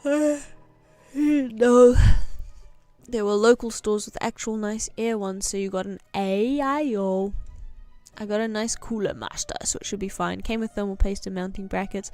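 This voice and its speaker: Tired kiwi girl streaming late, chatty and rambly, talks slow, bit of music playing underneath. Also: medium pitch, darkish tone. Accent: New Zealand. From New Zealand. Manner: chatty, rambling, self-interrupting. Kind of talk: casual live-stream chat while gaming.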